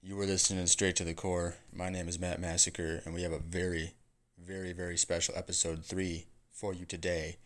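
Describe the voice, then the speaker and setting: Low-voiced, rambling man podcasting. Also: moderate pace. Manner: rambling, profane, excitable. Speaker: podcast host. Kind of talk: casual solo podcast chat.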